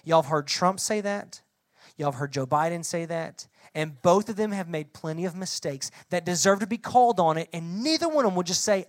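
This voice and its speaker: A young adult woman preaching a sermon to middle schoolers in an animated, conversational way, asking the audience questions. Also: lowish voice, a little fast, no room sound, studio quality. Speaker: youth pastor.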